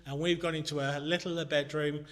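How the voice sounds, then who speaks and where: A man preaching a sermon in a church, earnest and conversational, ranging from hushed moments to shouting. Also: fairly high pitch, level tone, normal speed. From Britain. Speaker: minister. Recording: long church reverb.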